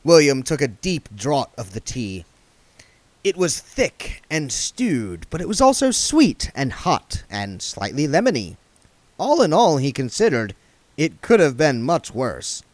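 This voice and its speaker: Expressive man reading a novel aloud. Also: medium pitch, unhurried, no room sound. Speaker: audiobook reader. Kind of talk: book read aloud.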